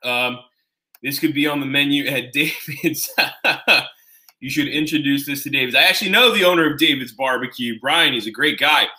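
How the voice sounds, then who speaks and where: A man hosting a casual live cooking stream, chatting with his viewers in a rambling way and gushing with excitement as he eats and talks. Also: medium pitch, normal speed. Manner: gushing with excitement while tasting. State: eating while talking. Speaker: home cook streaming live. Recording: roomy, echoing room sound.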